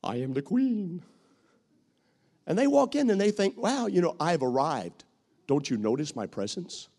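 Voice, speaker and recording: A man preaching a sermon as pastor, acting out what people say and rising to shouts at his peaks. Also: on the high side, huge pitch swings, normal speed.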